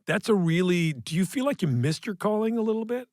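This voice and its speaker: A man's voice: high voice, lively intonation, a little fast, a little mellow, dry recording, clean studio sound. A man co-hosting a podcast, asking rambling questions in a joking, teasing way. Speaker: podcast co-host. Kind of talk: casual interview chat.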